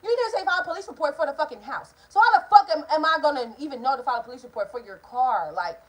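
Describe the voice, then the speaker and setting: A woman in her twenties telling a profane, animated storytime to camera from home. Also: high voice, fast, poor audio. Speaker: vlogger. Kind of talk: storytime vlog. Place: at home indoors.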